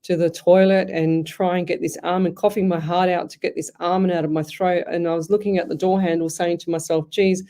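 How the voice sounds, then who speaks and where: A woman's voice: on the low side, level tone, a little fast, few pauses, mellow. An Australian woman hosting a live psychic radio show, chatty and effusive, rambling through stories. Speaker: psychic medium radio host. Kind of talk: casual live radio chat.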